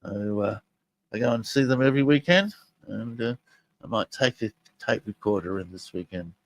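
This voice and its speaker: A man's voice: on the low side, normal speed, gravelly, no room sound. Chatty older male podcast host, dry sound. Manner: chatty and enthusiastic, talking straight to listeners. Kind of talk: casual podcast commentary on audio clips.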